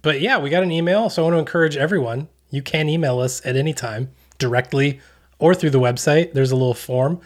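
An American man from Texas, a podcast co-host in casual chat, upbeat and quick to laugh. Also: a little high.

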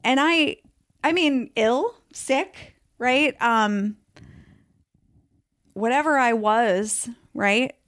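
A woman's voice: a little high, extremely slow, pauses often, a bit bright, no room sound, studio quality. A woman telling her personal story in a casual podcast interview, chatty and full of fillers, sometimes acting out what others said. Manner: chatty, many fillers, acts out quoted voices.

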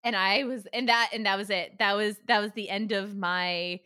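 A woman's voice: medium pitch, steady tone, normal speed, bright, forceful tone, smooth, dry recording, studio quality. A young woman in casual chat, animatedly retelling a frustrating story with quoted dialogue, swearing and laughing.

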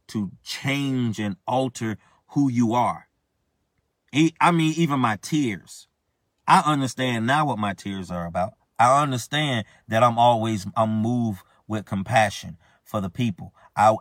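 A man's voice: mid-range voice, a bit bright, no room sound, studio quality. A man preaching an impassioned informal sermon as a self-styled prophet, emphatic and repetitive, calling listeners out directly in colloquial speech.

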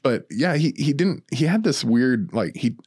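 A man's voice: medium pitch, measured pace, husky, dry recording, studio quality. A man co-hosting a podcast in casual chat, joking and laughing a lot and dropping into silly impressions. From United States. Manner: animated, joking, does bad impressions, laughs often. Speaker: podcast co-host.

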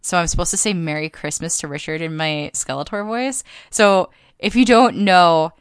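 A woman's voice: lowish voice, moderate pace, smooth, no echo. A woman co-hosting a podcast in casual chat, rambling with plenty of fillers. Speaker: podcast co-host.

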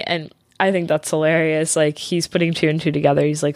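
A woman's voice: low-pitched, brisk, few pauses, dry recording, clean studio sound. A woman co-hosting a casual chat show, telling a story and laughing often as she talks. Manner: giggly, laughs often mid-sentence. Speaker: podcast co-host telling the story.

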